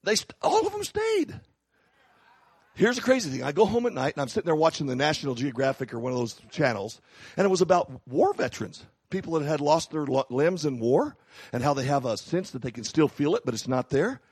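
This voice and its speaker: A middle-aged male pastor preaching with a lively, jokey storytelling manner. His voice sits high and swings widely in pitch. The sound is close and dry. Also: slightly rough, dry recording. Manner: animated, humorous storytelling. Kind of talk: sermon.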